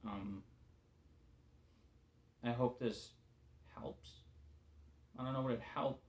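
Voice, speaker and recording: A man giving an informal devotional talk as a preacher, casual and candid, weary and subdued, often trailing off into quiet asides. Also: medium pitch, steady tone, takes it slowly.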